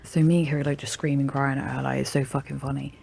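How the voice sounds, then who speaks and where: A woman's voice: a bass voice, flat delivery, fast, creaky, darkish tone. A woman telling a true story to viewers in a brash, sweary, mocking way. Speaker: story narrator.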